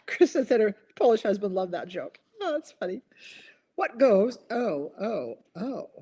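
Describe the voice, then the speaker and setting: Casting: a chatty live-stream host who laughs at her own jokes, with an animated, bouncy voice. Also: medium pitch, measured pace, breathy edge. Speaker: host of a live online chat. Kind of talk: casual live-stream chat, reading viewer comments.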